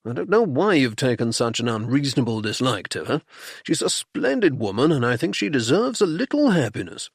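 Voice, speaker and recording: A man voicing a blustering, jocular middle-aged aristocratic duke in an audiobook, gruff and clipped. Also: medium pitch, very animated, brisk, no echo, studio quality, exaggerated voice.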